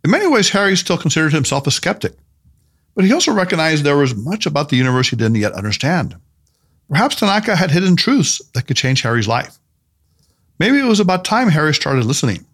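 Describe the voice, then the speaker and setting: A man narrates a story aloud in an audiobook, his voice fairly high and rising and falling in wide, lively arcs. The telling is scripted, expressive storytelling. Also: brisk.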